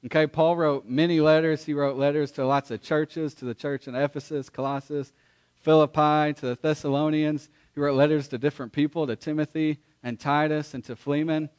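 A man's voice: on the high side, fairly even intonation, darkish tone, clear, resonant tone. Earnest man preaching a sermon. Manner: earnest, emphatic preaching with pauses and restarts. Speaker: pastor. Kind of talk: sermon with scripture reading.

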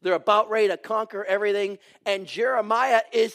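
High-voiced man preaching a dramatic sermon. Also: steady tone, a little fast, few pauses. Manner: dramatic storytelling, swinging from raised exclamations to hushed near-whispers.

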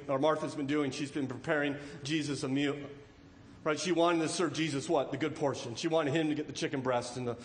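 A man preaching a sermon, animated, acting out the lines of the people in the story and asking rhetorical questions. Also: high-pitched, echoey room. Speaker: pastor.

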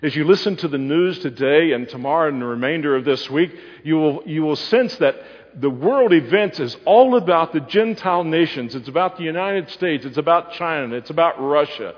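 A man's voice: fairly high pitch, lively intonation, moderate pace. Male preacher, sermon, question-and-answer teaching, big church hall, long reverb, dull sound. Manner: asks the audience questions and answers them.

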